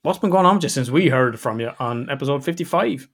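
A man's voice: medium pitch, animated, fast talker. An Irish man in his thirties hosting a podcast, chatting casually and acting out quotes as he rambles through stories. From Ireland. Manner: rambling, with restarts and acted-out quotes. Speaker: podcast host. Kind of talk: casual chat.

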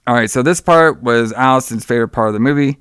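Man, podcast co-host, rambling movie recap, smooth clear voice, dry close sound. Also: mid-range voice, fast talker, a bit bright, dry recording. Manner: rambling, profane, laughs often. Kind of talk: casual movie-review chat.

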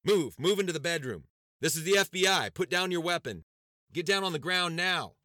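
A man's voice: sits high, animated, a little fast, sharp tone, no room sound, clean studio sound, pitched above the performer's own voice. A man voicing an aggressive male federal agent who barks commands during a raid in a storybook reading. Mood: barking orders. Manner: barking commands.

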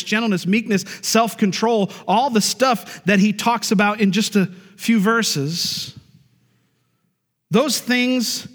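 A male pastor preaching a sermon, reading scripture slowly and then talking in an easy, joking way. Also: sits high, a bit bright. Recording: long reverb of a large hall.

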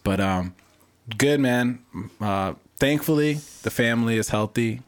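A man's voice: mid-range voice, a little slow, clean tone. A man co-hosting a podcast, rambling in a laid-back, slangy way. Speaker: podcast co-host. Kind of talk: casual chat.

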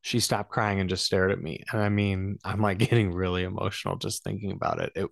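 A man's voice: sits low, little pitch movement, brisk, creaky, no echo, clean studio sound. A young man, a new father, chatting casually as co-host and acting out quotes with a self-deprecating humor. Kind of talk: casual chat.

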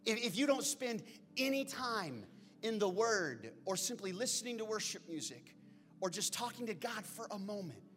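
A pastor delivering a sermon, swinging from hushed whispers to loud exclamations. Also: male voice, sits high. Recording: long hall reverb with faint music.

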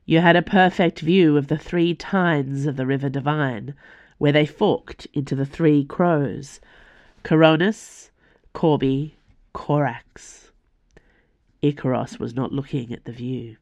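A woman, the author, reading her own fantasy novel aloud for a podcast in a measured storytelling voice. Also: low voice, darkish tone, no echo, dull audio. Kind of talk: audiobook fantasy narration.

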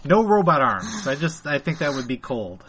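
A man's voice: mid-range voice, sing-song, normal speed, noisy background. A man co-hosting a casual comic-book podcast, cutting in with dry wisecracks. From Irish heritage in the US. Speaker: podcast co-host.

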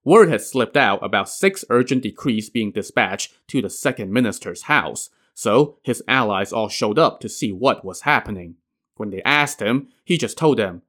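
A male storyteller retelling a classic legend in a casual, conversational way. He drops in wry modern asides, in an everyday mid-pitched voice. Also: expressive, moderate pace, a bit bright.

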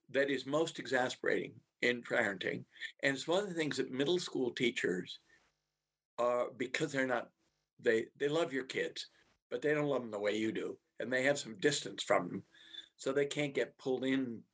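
A man, a family therapist, talking to parents in a halting way, with many filler restarts and stories from his practice. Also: mid-range voice, fairly bright tone. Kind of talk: talk to parents.

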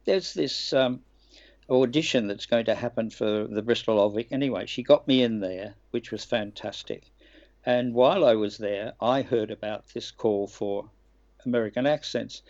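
An older man from Australia tells stories with lively energy and acts out what others said. His voice has a gravelly edge. The sound is dull and lo-fi, like a remote link. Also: mid-range voice. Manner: lively storyteller, laughs and acts out quotes. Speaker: guest voice actor. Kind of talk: anecdotal interview chat.

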